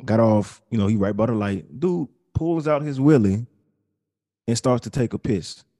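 A man hosting a casual podcast chat, relaxed and wry. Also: medium pitch, normal speed. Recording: long reverb.

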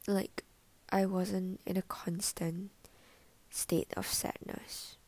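A young woman's mellow, breathy voice with a gravelly fry at the ends of phrases. She muses softly, slipping into half-whispers and trailing fillers as she shares her reflections in a personal vlog. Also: fairly low pitch, level tone, slow pace, no room sound. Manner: soft, often half-whispered, filler-heavy musing. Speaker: vlogger.

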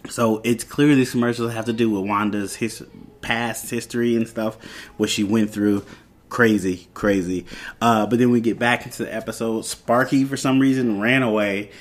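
A man's voice: on the low side, a little hiss or hum. Brief: young adult male podcast host, loose rambling episode recap, quotes characters' lines casually. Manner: retells scenes with quoted dialogue, loose and rambling.

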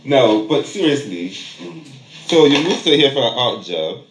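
A man's voice: mid-range voice, very animated, far from the mic, slight background noise. Teasing New York man in an echoey room. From New York City. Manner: teasing, rapid-fire questions, laughing often. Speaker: podcast host. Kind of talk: casual chat. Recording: echoey room, mic set back.

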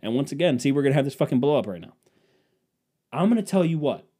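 A man's voice: mid-range voice, sing-song, fast, warm tone, breathy edge. A man hosting his own podcast, delivering a profane, sarcastic, rambling comedic rant. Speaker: podcast host. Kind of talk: casual comedic monologue.

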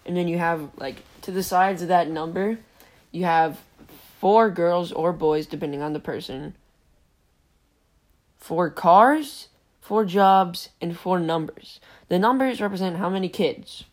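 A man's voice: high voice, unhurried. A young man hosting a podcast, telling a rambling story with frequent giggles and tangents. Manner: giggly, digressive, self-interrupting. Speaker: podcast host.

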